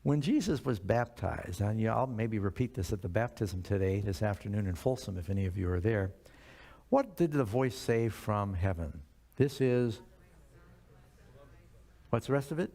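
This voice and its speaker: A man's voice: fairly low pitch, expressive, moderate pace, vocal fry, warm tone. An older man preaching a sermon in a conversational way, asking the congregation questions as he reads scripture. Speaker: pastor.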